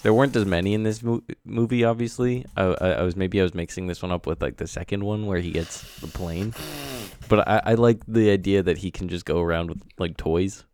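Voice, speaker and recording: A man's voice: deep voice, a little fast, darkish tone, a little hiss or hum. A man co-hosting a casual comedy podcast, laid-back, swearing casually and trailing off mid-thought. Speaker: podcast co-host.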